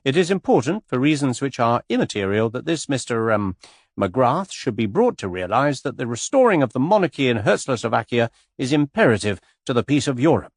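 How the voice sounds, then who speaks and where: Brief: man playing pompous indignant English gent, audiobook, husky and loud. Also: sing-song, brisk, no room sound, clean studio sound. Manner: formal, indignant, booming. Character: pompous, stuffy middle-aged English gentleman.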